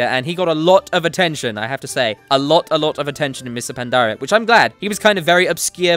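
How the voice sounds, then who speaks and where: A man's voice: fairly high pitch, fairly bright tone. A man hosting a gaming show, giving his opinions in a casual, jokey way with apologetic asides. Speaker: gaming commentary host. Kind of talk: casual solo opinion talk.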